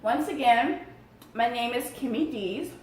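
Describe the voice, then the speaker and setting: A woman's voice: fairly high pitch, unhurried, recorded from a distance, a little hiss or hum. A woman hosting a casual mukbang eating vlog, murmuring over her food and giggling often. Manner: upbeat, murmurs between bites, giggly. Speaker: mukbang vlogger. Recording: very echoey room.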